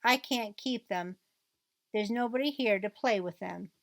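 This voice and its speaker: The transcript lines of an angry, divorced mother come through in a mid-range, slightly bright voice, read a little slowly. The delivery stays mostly plain with minimal acting, and the recording has no room sound.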